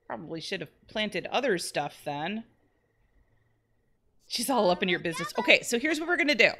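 Bubbly, bright-voiced woman streamer. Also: mid-range voice, moderate pace, long pauses. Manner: bubbly, excitable, chatty with chat. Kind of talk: live-streamed game commentary.

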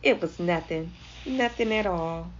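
A woman voicing a small, excitable male circus mouse in a storybook read-aloud, with an eager, loud manner. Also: fairly low pitch, unhurried, a little hiss or hum. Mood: cheerful. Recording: slightly dull lo-fi audio.

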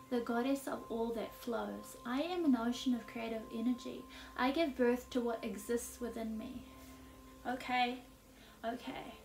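A woman's voice: on the high side, a little hiss or hum. A woman giving a casual intuitive tarot reading, chatty, laughing often and leaning on "like" as she talks. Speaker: tarot reader. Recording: echoey room, mic at a distance.

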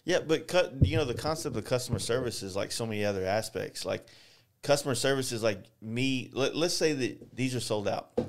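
A man's voice: medium pitch, fairly quick. A man from Texas hosting a podcast in casual chat, blunt and opinionated, with plenty of swearing. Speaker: podcast host.

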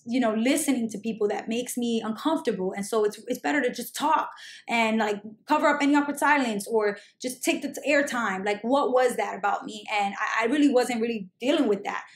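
A woman telling a story in a talkative, animated way as she chats with a friend. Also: a little high, fairly quick, reverberant. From Brooklyn, New York. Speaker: channel host. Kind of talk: casual chat with a friend.

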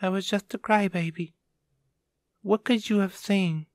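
A man's voice: on the high side, little pitch movement, moderate pace, vocal fry, no room sound, clean studio sound, voice pushed up. A man voicing a tearful young woman fighter who pleads through sniffles. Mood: tearful pleading.

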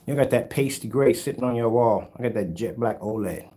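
He has a mellow mid-range voice and speaks a little fast. As the host of DIY projector screen paint videos, he keeps a casual livestream going by answering viewer comments, brashly ribbing his audience and offering mock comfort.

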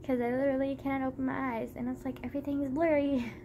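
A woman's voice: high voice, little pitch movement, quick pace, noisy background. A young woman chatting casually to camera in a rambling, giggly way, with lots of fillers. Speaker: vlogger.

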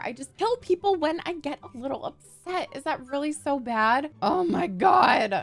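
Young woman, gaming commentary, high-ish voice, lively swoops, crisp bright tone, swears a lot. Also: normal speed, hardly any pauses, soft background music. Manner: excitable, profane, dramatic outbursts. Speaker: gaming YouTuber. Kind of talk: casual let's-play commentary.

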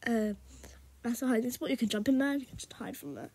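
British female gaming vlogger, chatty, low half-whisper, slightly high voice. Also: quick pace, breathy edge. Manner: often speaks in a hushed half-whisper; rambling and chatty, talking to viewers. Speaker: gaming YouTuber. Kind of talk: casual gameplay commentary.

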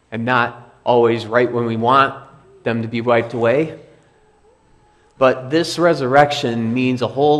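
Man preaching a conversational sermon. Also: mid-range voice. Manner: conversational preaching with repeated phrases. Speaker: pastor. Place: church sanctuary.

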